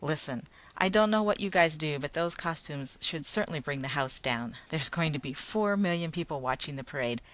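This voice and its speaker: A woman reading a story, voicing a brusque, blustering male parade manager who talks loudly and hostilely. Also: low voice, animated, normal speed. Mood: jovial. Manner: blustering, loud, hostile then jovial.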